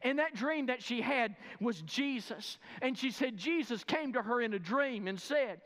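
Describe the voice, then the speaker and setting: A man's voice: extremely high pitch, animated, unhurried, hardly any pauses, fairly bright tone. A man preaching a sermon, emphatic and speaking directly to his listeners. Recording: long reverb of a large hall.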